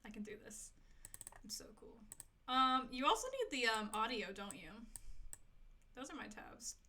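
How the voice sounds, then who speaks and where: A woman's voice: on the high side, sing-song, moderate pace, bright, forceful tone. A young woman streaming a game, chatting casually and rambling to her viewers while she fiddles with settings. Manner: chatty, self-talking, giggly, rambling to chat. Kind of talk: casual live-stream chat while gaming.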